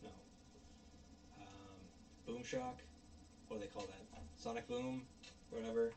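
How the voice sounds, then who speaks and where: A man casually recapping a movie plot, rambling with lots of fillers and mock-yelling at the characters. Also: very high voice, wildly swooping pitch, measured pace, vocal fry, noisy background. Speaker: movie reviewer.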